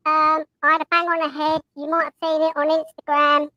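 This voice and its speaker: A man from Essex talking through a squeaky, high, pitch-shifted voice filter, cheeky and joking. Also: completely flat delivery, a little fast, no room sound, lo-fi sound. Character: man's silly squeaky voice filter.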